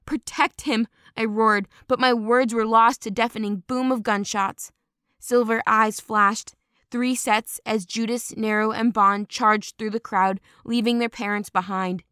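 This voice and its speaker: Woman narrating with a smooth, clear voice. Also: mid-range voice, no echo, studio quality. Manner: steady dramatic storytelling. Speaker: audiobook narrator. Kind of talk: first-person audiobook narration.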